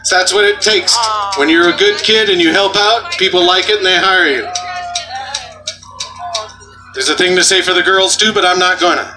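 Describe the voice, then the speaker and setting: A man performing as a street juggler, bantering and joking loudly with an outdoor festival crowd. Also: sits high, moderate pace, long pauses, music in the background. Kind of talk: comedic stage patter.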